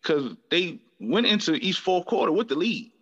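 A man's voice: high voice, very animated, moderate pace, fairly bright tone, slightly rough, highs cut off. A man on a casual sports podcast who rambles and halts, leaning on "you know". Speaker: podcast guest.

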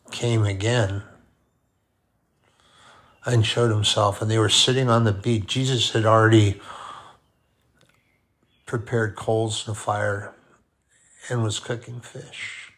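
Slow, deliberate male preacher. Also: lowish voice, a bit bright. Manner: deliberate, repeating key phrases for emphasis. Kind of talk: sermon.

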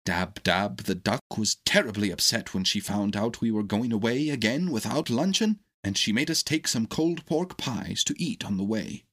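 A man narrating a storybook with a husky, steady, expressive reading. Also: on the low side, normal speed, few pauses.

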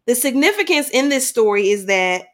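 Expressive middle-aged woman storyteller, fairly high voice. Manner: animated, acts out dialogue in quick bursts; grows quiet and slow at heavy moments. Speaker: guest sharing a personal story. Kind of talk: conversational storytelling.

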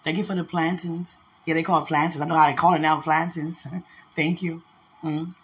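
A woman's voice: sits low, level tone, moderate pace. A woman in an emotional casual talk to her partner, effusive and prayerful, repeating her words.

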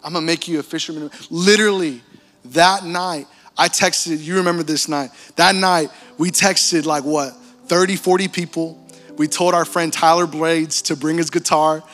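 A young man preaching, telling his story in an animated, casual way with slang and frequent laughter. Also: a little high, measured pace. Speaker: pastor. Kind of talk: sermon testimony. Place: large church hall. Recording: church hall reverb with music.

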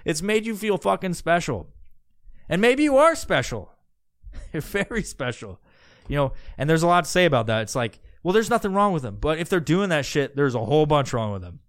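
Young man, podcast host; profane, heated comedic rant; smooth, clear voice with a slightly high pitch. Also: big pitch swings, normal speed, no room sound, studio quality. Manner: crude, heated ranting with mocking voices.

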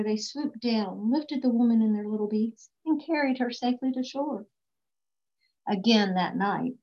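A woman reading a children's story aloud, expressive and slow on emphatic phrases. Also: mid-range voice. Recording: dull lo-fi recording.

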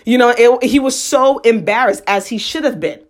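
A young woman telling a personal story in a casual, slangy monologue, animated and acting out what people said. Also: a little high, moderate pace. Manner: animated, slangy, acts out quotes.

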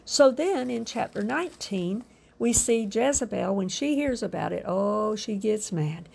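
A woman preaching a sermon with fervent emphasis, drawn-out phrases and soft asides. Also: mid-range voice, expressive, creaky, slightly rough.

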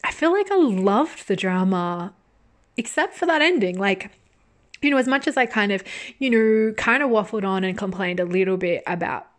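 A woman's voice: medium pitch, animated, moderate pace. Woman podcast host, casual drama-review monologue, chatty, sweary, laughs often.

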